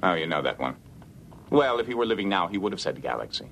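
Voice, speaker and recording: A man's voice: low-pitched, sing-song, fast talker, gravelly, fairly bright tone, slight background noise, pitched below the performer's own voice, heavily acted. A man doing a grandiose alien trickster. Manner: theatrical, declaiming.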